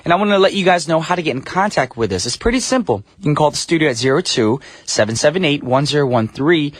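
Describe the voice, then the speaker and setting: Upbeat male radio DJ, slightly high. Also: animated, fast talker, dry recording. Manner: upbeat, chatty, a little goofy. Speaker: radio DJ host. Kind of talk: casual radio DJ patter. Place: radio studio.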